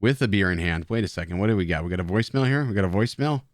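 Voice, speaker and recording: A man chats loosely on a live stream with a beer in hand, rambling, joking and swearing at his viewers. His voice sits a little low, and the sound is close and dry, with no room around it. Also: very fast, no echo. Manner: rambling, joking, profane banter with chat; drinking beer while talking. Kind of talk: casual live stream chat.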